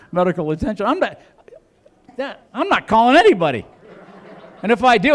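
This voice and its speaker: A man does a stand-up comedy set in a club with an extremely high-pitched voice, very animated and brisk, yet with long pauses. He tells rambling stories, chats with the audience, and now and then jumps into loud put-on voices.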